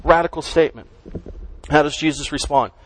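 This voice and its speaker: Conversational preacher with a high voice. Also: male voice, brisk, rough recording. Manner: conversational, emphatic preaching with rhetorical questions. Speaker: pastor. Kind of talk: sermon.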